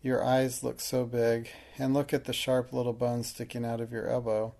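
A man's voice: mid-range voice, monotone, normal speed, gravelly, mellow, natural voice. A man voicing a timid young schoolgirl who speaks with wide-eyed admiration. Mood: admiring.

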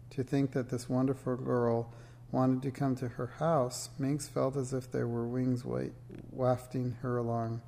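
A man reading a children's book aloud in a steady, measured storytelling way. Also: medium pitch, vocal fry, slight background noise. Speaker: narrator.

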